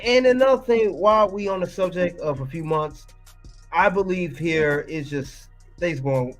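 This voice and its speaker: A man hosting a reaction video, ranting and scolding as he comments on an interview clip. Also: fairly high pitch.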